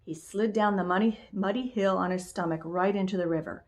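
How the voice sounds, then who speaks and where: A woman in a middle pitch reading a children's story aloud in a calm, expressive voice. She slows down on the dramatic moments and lets her voice drop at the end of phrases.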